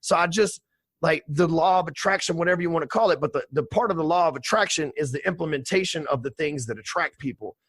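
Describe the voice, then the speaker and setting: A man's voice: a little high, fast talker, a bit bright, dry recording. A man in his forties, a podcast guest telling stories in a brash, profane, streetwise way. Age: 40s. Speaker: podcast guest, sales trainer. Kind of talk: casual storytelling interview.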